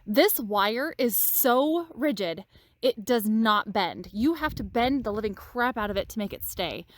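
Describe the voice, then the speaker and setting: A woman's voice: a little high, expressive, a little slow, no room sound. A woman on her farm, venting frustration in a casual vlog while out of breath from hard work outdoors. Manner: exasperated, venting. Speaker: farm vlogger.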